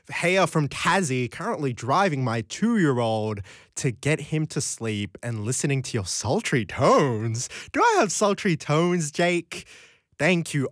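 A man's voice: dry recording, studio quality. A young man hosting a late-night radio show, chatting in a playful, rambling way with frequent restarts. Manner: chatty, playful, rambling, lots of restarts and sudden pitch jumps. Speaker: radio host. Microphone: studio microphone.

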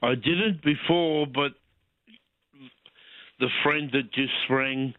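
A man's voice: mid-range voice, slow. A man calling in to a radio show, easygoing and a little hesitant. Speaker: caller. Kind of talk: casual phone chat. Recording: tinny phone line.

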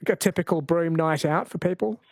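A man's voice: on the high side, brisk, creaky, dry recording. A man hosting a radio phone-in quiz in a casual, chatty way, laughing easily.

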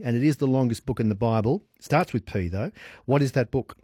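A man's voice: mid-range voice, fairly quick, warm tone, husky, no echo, studio quality. A man hosting a radio phone-in quiz, chatty and upbeat, laughing easily with callers. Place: radio studio.

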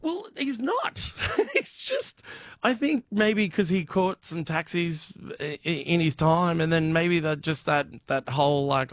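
Australian male comic, chatty, halting delivery with restarts, dry studio sound. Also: sits high, animated, dry recording. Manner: rambling, halting with many restarts. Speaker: comedian guest. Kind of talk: casual anecdote telling.

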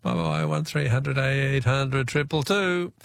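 A man's voice: mid-range voice, slow pace, vocal fry, a bit bright, no echo. An Australian man hosting a late-night talk radio show in a studio, chatting casually and often correcting himself. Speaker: radio host.

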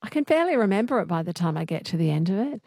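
A woman's voice: medium pitch, big pitch swings, rapid-fire, mellow, no room sound, studio quality. A woman hosting a late-night radio quiz, chatty and friendly, explaining the answers at length. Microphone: studio microphone.

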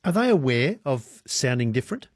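A man's voice: mid-range voice, very animated, normal speed, dry recording, studio quality. A man hosting a radio interview, asking curious, rambling questions with a wry touch. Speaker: radio host.

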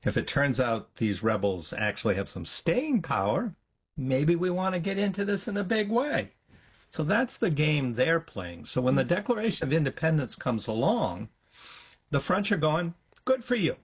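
A middle-aged man with a husky voice explains history as an interview guest. His pitch rises and falls in a lively way, and he briefly slips into the voices of people from the past. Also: normal speed. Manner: animated, acts out historical voices in quotes.

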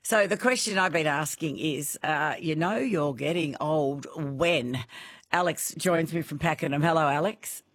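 A woman's voice: low-pitched, unhurried, no room sound. An Australian woman hosting a radio show, chatting casually with callers and laughing easily. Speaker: radio host. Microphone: studio microphone.

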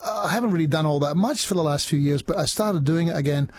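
A man's voice: a little high, quick pace, breathy edge. Scottish man in his sixties, rambling. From Scotland. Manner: rambling, lots of fillers and restarts. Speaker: musician guest. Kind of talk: casual interview chat. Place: radio studio.

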